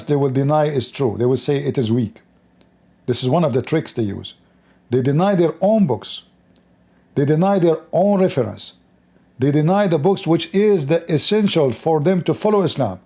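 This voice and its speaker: A man's voice: fairly high pitch, dark tone. Mocking man. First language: Arabic. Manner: mocking, repetitive, emphatic. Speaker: host of a call-in debate show. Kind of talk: combative live-stream commentary.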